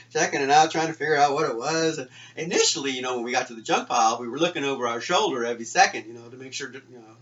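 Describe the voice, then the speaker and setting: A middle-aged man spins a personal tale in a bright, forceful voice. His talk is loose and chatty, full of fillers, and he acts out each character's lines. The sound is dull and comes from a mic set some way off. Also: mid-range voice, recorded from a distance. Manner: conversational, lots of fillers, acts out the dialogue. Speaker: storyteller. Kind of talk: live personal storytelling.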